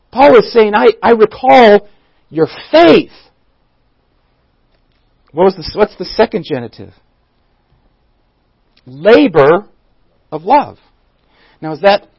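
High-voiced man teaching scripture. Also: slightly rough, dry recording, highs cut off. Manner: questioning the audience, self-restarting, emphatic on key words. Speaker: pastor teaching a Bible study. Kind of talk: conversational Bible teaching. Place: church room.

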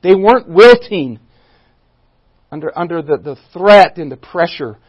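High-voiced man teaching scripture. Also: animated, measured pace, slightly rough, no room sound, dull audio. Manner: questioning the audience, self-restarting, emphatic on key words. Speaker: pastor teaching a Bible study. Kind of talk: conversational Bible teaching. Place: church room.

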